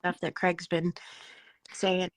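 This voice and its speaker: A woman's voice: lowish voice, monotone, a little slow. A woman joining a live audio chat as a guest, talking casually and easygoing.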